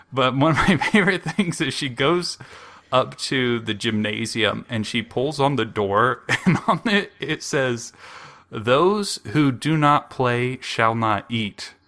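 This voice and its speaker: A man's voice: mid-range voice, bright, forceful tone. A young man on a casual podcast, recapping an anime episode with wry, sarcastic humor and frequent chuckles.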